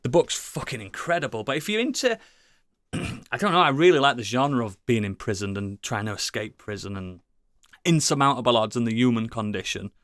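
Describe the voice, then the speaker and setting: A man's voice: mid-range voice, animated, fairly quick, a bit bright, no room sound, studio quality. A British man co-hosting a casual podcast, rambling enthusiastically with lots of swearing and restarts. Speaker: podcast co-host. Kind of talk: casual chat.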